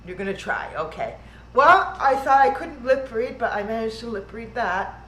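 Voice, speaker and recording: A woman hosts a live-streamed online event, her high-ish voice animated, pushed and bright at a moderate pace. She's chatty and flustered over technical trouble on the video call, restarting as she thinks out loud, with roomy echo and faint noise in the recording.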